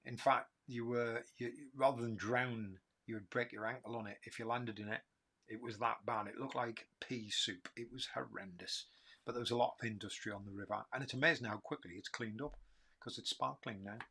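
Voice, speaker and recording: A man's voice: medium pitch, steady tone, fairly quick, bright, forceful tone, slightly rough. Geordie bloke in his 50s chatting away on a live q&a, rambly, laughs a lot. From Newcastle, England. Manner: rambling, self-mocking, laughs often. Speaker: livestream host answering questions. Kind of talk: casual rambling chat.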